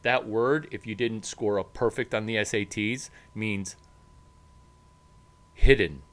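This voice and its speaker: A man giving an animated talk about startups, emphatic and punchy, jumping up in pitch to stress points. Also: slow. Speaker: startup advisor. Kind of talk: animated monologue to camera.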